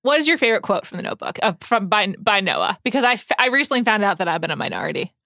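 A woman hosts a podcast in casual chat, her pitch swinging widely as she shares playful, quick opinions. Her voice is bright and clear, and the sound is dry and close to the mic. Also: lively intonation, no echo. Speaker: podcast host.

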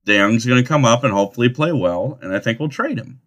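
A man's voice: medium pitch, animated, a little fast, fairly bright tone. A man hosting a podcast, chatting casually about baseball with profane, teasing, rambling talk. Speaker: podcast host. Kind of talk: crude casual chat.

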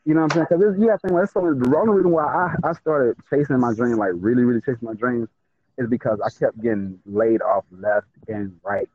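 A man's voice: mid-range voice, quick pace, no echo. A man in a casual podcast chat, telling stories with lots of repeats and stutters as he gets worked up. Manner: animated storytelling, stutters and repeats when worked up. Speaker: podcast co-host. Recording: tinny phone-like sound.

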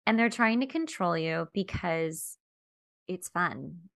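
A woman co-hosting a podcast in casual chat, talking in a chatty, animated way and acting out quoted lines. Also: fairly low pitch, slow pace, gravelly, no echo. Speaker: podcast co-host.

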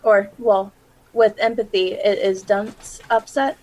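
A woman's voice: medium pitch, fairly even intonation, slow pace, a little mellow, low-quality recording. A woman playing a tabletop game, describing her figure's actions and thinking aloud. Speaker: player. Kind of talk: casual tabletop game talk.

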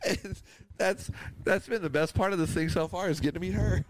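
A man's voice: sits high, fairly quick, no room sound. A man, co-hosting a podcast in casual chat, rambling through funny stories and laughing often. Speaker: podcast co-host.

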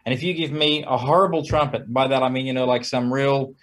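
A man's voice: medium pitch, fairly even intonation, a little fast, fairly bright tone. A man who plays trumpet, talking casually as an interview guest, chuckling between points and acting out quoted exchanges in a raised voice.

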